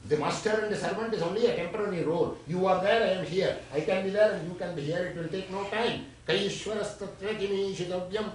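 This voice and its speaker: A man's voice: sits high, quick pace, hardly any pauses, a little hiss or hum. An older man from India lecturing on scripture to a small private audience, explaining verses and acting out quotes. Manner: explains verses line by line, switching into acted quotes. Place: private home gathering. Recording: echoey room, mic far off.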